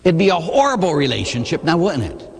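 A man, a Catholic priest, preaching an animated sermon that asks the listeners questions, recorded in a church. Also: on the high side, fast talker, vocal fry, slightly rough. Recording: long reverb in a large hall.

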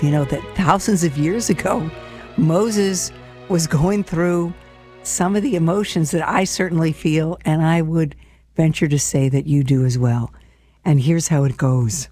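A woman's voice: low voice, normal speed, mellow, slightly rough, soft background music. A woman hosting a faith program, giving an earnest, personal reflection on scripture and speaking to listeners as friends. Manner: laughs lightly, sometimes drops to a whisper.

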